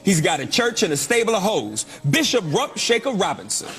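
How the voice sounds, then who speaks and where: A man's voice: sits high, very animated, fairly quick. An actor playing a brash male talk show host who mocks his guests as he introduces them, over a noisy recording.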